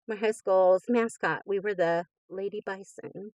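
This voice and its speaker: A woman's voice: mid-range voice, steady tone, normal speed, few pauses, a little mellow, no room sound. A woman in her fifties hosting a crafting channel, gushing with enthusiasm as she opens happy mail in casual chat. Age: 50s. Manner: gushing and enthusiastic, frequent laughs.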